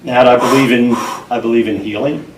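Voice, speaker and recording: A middle-aged man talking earnestly and deliberately as a guest in a sit-down interview. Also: mid-range voice, steady tone. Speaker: interview guest, program founder. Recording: echoey room, mic at a distance, faint noise.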